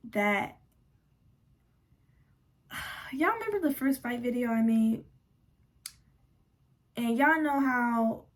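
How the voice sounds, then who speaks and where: A young woman vlogger telling a storytime in a casual, animated, slangy and frank way. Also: on the high side.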